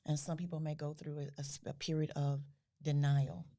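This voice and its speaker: A middle-aged woman who founded a grief foundation, speaking earnestly as a podcast guest, with soft, breathy trailing phrases. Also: deep voice, flat delivery, fairly quick. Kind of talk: podcast interview.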